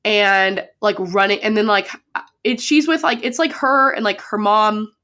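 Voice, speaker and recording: A woman's voice: mid-range voice, fairly even intonation, unhurried, bright, forceful tone. Gushing young woman podcaster with a cold. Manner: gushing, heavy use of "like". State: sick with a sore throat. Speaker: podcast co-host. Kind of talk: casual chat.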